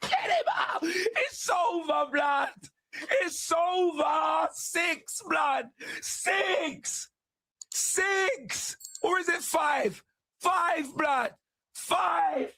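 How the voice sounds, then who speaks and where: A man reacting to a match on a watchalong, wailing and shouting in mock despair. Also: animated, extremely slow, heavily acted. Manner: shrieking high-pitched wails and frantic shouting in mock despair.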